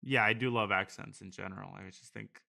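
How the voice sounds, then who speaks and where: A man with a fairly low, bright and forceful voice talks through his online blitz games as he plays them. He thinks aloud and jokes around in a casual streaming manner. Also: fairly even intonation, brisk, vocal fry. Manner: casual, joking, thinking aloud over moves. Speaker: chess streamer. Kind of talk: live commentary while playing online blitz.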